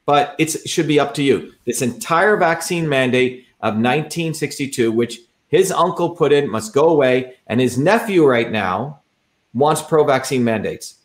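A man who is a political candidate, giving a combative, repetitive campaign talk over a livestream. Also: fairly high pitch.

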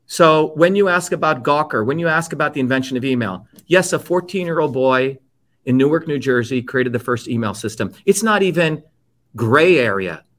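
A man in his fifties from India, appearing as an interview guest, tells his life story in an emphatic, blunt and profane way. His voice is a little high and fairly bright, with lively intonation at a moderate pace, the storytelling impassioned and personal.

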